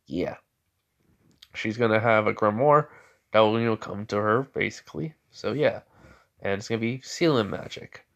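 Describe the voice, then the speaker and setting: A man's voice: lowish voice, lively intonation, normal speed, gravelly, pauses often, fairly bright tone, muffled recording. A young man retelling a fan story in a rambling, casual way, full of fillers.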